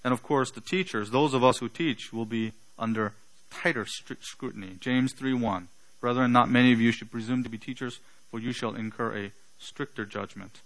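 A man preaching a sermon, building to loud emphatic peaks and trailing off quietly at the ends of phrases. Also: mid-range voice, moderate pace, poor audio.

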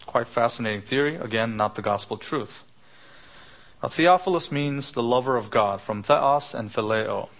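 A middle-aged man delivers an expository sermon at a mid-range pitch. He teaches patiently, unpacking Greek word roots and checking in with rhetorical questions. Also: moderate pace, fairly bright tone. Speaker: preacher.

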